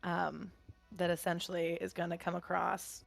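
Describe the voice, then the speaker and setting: A woman's voice: fairly low pitch, flat delivery, normal speed, creaky, no echo, soft background music. A woman playing a tabletop roleplaying game, speaking hesitantly with frequent ums. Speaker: player.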